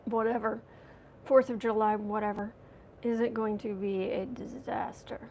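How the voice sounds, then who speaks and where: A woman's voice: fairly high pitch, steady tone, moderate pace, darkish tone, a little hiss or hum. A woman hosting a livestream as a tarot reader, chatting casually and sarcastically while reading out viewer comments.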